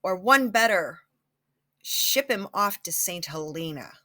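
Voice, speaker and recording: Give me a stern, commanding old duke, as a woman puts him on, slow and clear. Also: sits high, expressive, bright, forceful tone, exaggerated voice. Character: exiled old royal duke, grumbling and stern.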